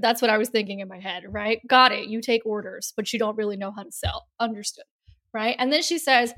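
A woman's voice: fairly high pitch, sharp tone. A woman business coach, a guest chatting candidly and often ending her points with a questioning tag. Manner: candid, tags sentences with "right?", quick to laugh. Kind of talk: casual interview chat.

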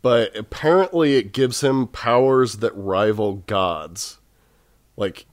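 A man's voice: fairly low pitch, takes it slowly, no room sound, clean studio sound. A man from Texas in casual podcast chat, rambling with many fillers. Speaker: podcast co-host.

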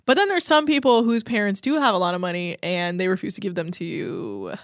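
A woman's voice: lowish voice, sing-song, a little fast, no room sound. Chatty sarcastic young woman, dry sound. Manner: chatty, filler-heavy, sarcastic. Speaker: podcast co-host. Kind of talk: casual chat recapping a reality show.

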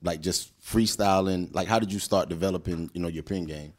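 A man interviewing a guest, asking casual questions with some halting restarts. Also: low voice.

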